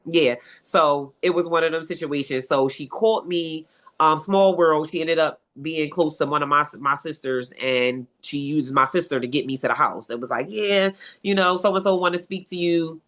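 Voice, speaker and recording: A woman tells her story as a podcast guest, lively and dramatic, putting on the voices of the people in it. Her voice sits on the lower side. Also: normal speed. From Philadelphia. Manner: animated storyteller, acts out voices in her retelling. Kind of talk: storytelling interview.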